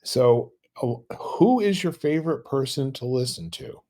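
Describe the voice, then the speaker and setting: A man's voice: medium pitch, animated, a little slow, mellow. A man hosting a casual interview, paraphrasing his guest's answers thoughtfully and adding light jokes. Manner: reflective, paraphrasing, joking. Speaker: interviewer, host.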